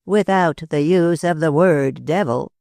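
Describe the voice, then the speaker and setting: A man voicing a talkative older man with an American accent, speaking slowly and dryly in a drawl. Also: on the high side, vocal fry, darkish tone, no echo. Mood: cool. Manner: drawling, slow and dry.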